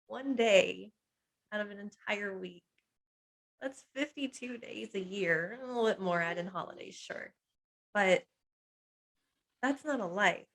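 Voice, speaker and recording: A woman's voice: medium pitch, takes it slowly, pauses often, poor audio. A woman hypnotherapist talks through a masterclass in a confiding, personal way. She lists painful feelings one at a time in short, weighted phrases. Small laughs slip in between her words. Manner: earnest and confiding, draws on her own life. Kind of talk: personal teaching talk on emotional pain.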